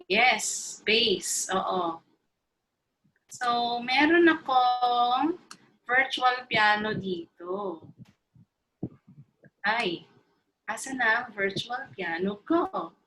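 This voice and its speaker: Filipino woman, voice coach, unhurried, light high voice, playful and coaxing. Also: animated, sharp tone, a little hiss or hum, low-quality recording. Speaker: voice teacher. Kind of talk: online choir workshop lecture. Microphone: video call.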